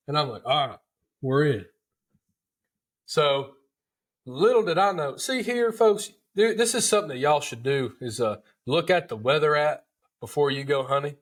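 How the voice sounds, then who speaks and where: A man with a slightly high, lively voice and a somewhat bright tone speaks at a normal speed. He's a podcast host telling a hunting story casually, in a chatty, folksy way, repeating words and calling his listeners "dude."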